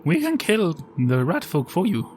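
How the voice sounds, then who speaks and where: A man's voice: high voice, huge pitch swings, moderate pace, a little mellow, slight background noise. A man voicing an earnest adventurer and party leader who speaks persuasively.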